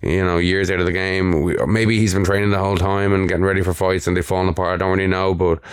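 A man as co-host of a podcast, speaking in a measured, hesitant way with many fillers. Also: sits low, flat delivery, clear, resonant tone, no room sound, studio quality. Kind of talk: casual chat.

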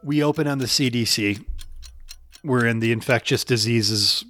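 A man co-hosting a casual comedy podcast, playfully spinning absurd stories in quick bursts. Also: medium pitch. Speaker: podcast co-host.

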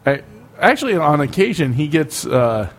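A man's voice: a little high, very animated, normal speed. A man co-hosting a casual podcast, laughing often and restarting his sentences. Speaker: podcast co-host.

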